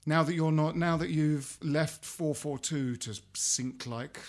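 A man's voice: fairly high pitch, measured pace. A man hosting a football podcast, jokey and rambling with lots of fillers. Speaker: podcast host. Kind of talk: casual chat.

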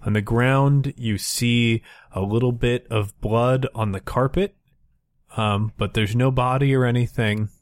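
A man narrating a tabletop horror game as its game master. His voice sits at an ordinary pitch and sounds close and dry. He describes scenes in a relaxed way, with plenty of fillers. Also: unhurried, dry recording.

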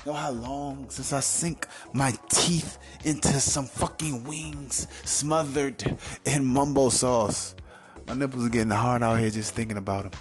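A man from Washington, D.C. hosting a podcast, telling a story in a profane, rambling way, dropping from mumbles into loud outbursts. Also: mid-range voice, steady tone, a little slow, faint music behind. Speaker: podcast host. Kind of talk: casual storytelling podcast monologue.

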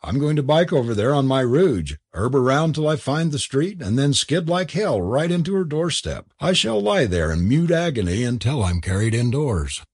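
A man's voice: mid-range voice, big pitch swings, moderate pace, few pauses, slightly rough, dry recording, clean studio sound, pitched above the performer's own voice. A man reading a story, voicing a brash and theatrical young male student. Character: bold, reckless young male student biker.

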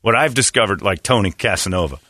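A man's voice: lowish voice, animated, fast, pushed and bright, no room sound, studio quality. A middle-aged man co-hosting a radio show, trading jokes and now and then slipping into goofy put-on voices. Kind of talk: casual banter.

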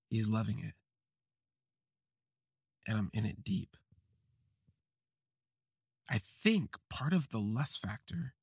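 Young male host, confessional storyteller: low-pitched, gravel-edged voice, close and dry, halting reflective delivery. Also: dry recording. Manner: slow, halting, reflective phrasing. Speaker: podcast host. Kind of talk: confessional first-person storytelling.

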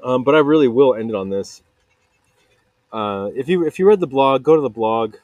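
A man's voice: mid-range voice, expressive, moderate pace, a little mellow, no room sound, dull audio. A man hosting a solo podcast, rambling and joking about himself in a casual monologue. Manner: digressive, self-mocking, quotes people in put-on voices. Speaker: podcast host. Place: makeshift home vocal booth.

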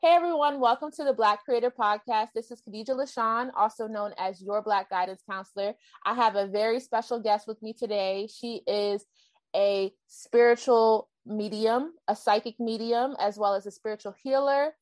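A woman's voice: medium pitch, fairly even intonation, moderate pace, darkish tone, no room sound, clean studio sound. A woman hosting a podcast, chatting casually with her guest and laughing easily. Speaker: podcast host. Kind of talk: casual interview chat.

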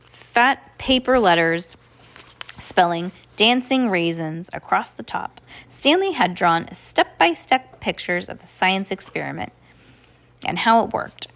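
A woman's voice: medium pitch, big pitch swings, unhurried, gravelly, a bit bright. A woman reading a children's book aloud, with occasional slips and restarts. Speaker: reader.

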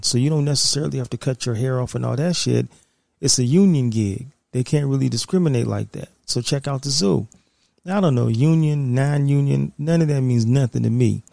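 A man telling a personal story in a casual, streetwise and profane way, acting out scenes with lively energy. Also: medium pitch, vocal fry, no room sound.

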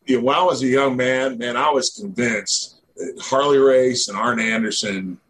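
A man's voice: mid-range voice, normal speed, a bit bright, a little hiss or hum, poor audio. A middle-aged man from Missouri, a former wrestler, telling stories casually in an interview with lots of fillers. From Northeast Missouri, USA. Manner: rambling, heavy on fillers like "you know" and "man". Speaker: guest, former pro wrestler.

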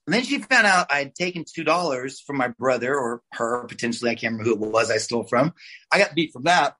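A man in his forties from Oklahoma, a guest telling lively, salty stories from his childhood in a casual interview. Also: mid-range voice, quick pace, poor audio. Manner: animated, swears, acts out quoted voices. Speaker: guest, oral surgeon.

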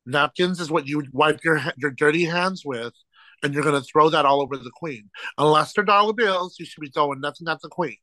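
Bright, lively storytelling man. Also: on the high side, no echo, rough recording. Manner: animated, laughs through stories, quotes people in lively voices. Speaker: podcast guest, drag show host. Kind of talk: casual storytelling chat.

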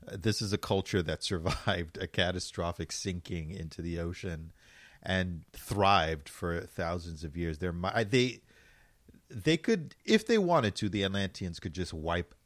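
A man chatting casually about a movie, talking slowly and laughing often. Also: deep voice, a bit bright, dry recording. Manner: slow, drawn-out, laughs a lot. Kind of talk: casual podcast movie chat.

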